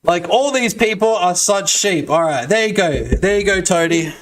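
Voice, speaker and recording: A young man live-streaming, chatting crudely and loosely to his viewers with a slightly high voice. He rambles, swears freely and tacks "you know what I'm saying" onto his jokes, speaking into a desk mic. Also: animated, normal speed. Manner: crude, rambling and jokey, with lots of filler tags. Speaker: streamer and indie game developer. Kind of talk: casual live-stream chat.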